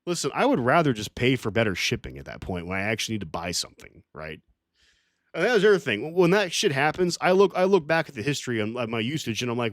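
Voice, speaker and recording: Heated, lively-voiced male streamer. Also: mid-range voice, quick pace, no echo, clean studio sound. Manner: profane, rambling, heated. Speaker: streamer reading live chat. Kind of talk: casual livestream rant.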